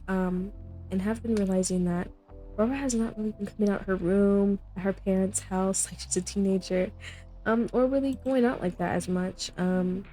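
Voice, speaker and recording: A woman's voice: medium pitch, mellow. A young woman casually commenting on her life-sim gameplay, chatty and rambling as she narrates what her characters say. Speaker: gameplay host.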